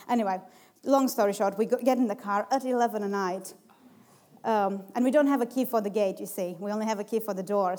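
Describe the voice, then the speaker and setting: A woman's voice: medium pitch, a little mellow. A young adult woman giving a personal devotional talk, chatty and self-deprecating, who laughs at herself. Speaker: preacher.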